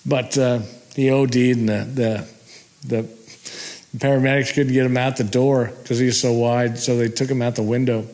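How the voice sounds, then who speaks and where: A man's voice: mid-range voice, little pitch movement, normal speed, darkish tone. A man telling a rambling personal story in a casual way, chuckling now and then. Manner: rambling, laughing, restarts. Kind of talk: casual spoken recollection.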